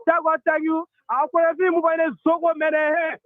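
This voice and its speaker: A man's voice: extremely high pitch, flat delivery, moderate pace, dry recording. A man calling in to a radio show, gushing emotionally over a tinny phone line. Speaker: radio caller.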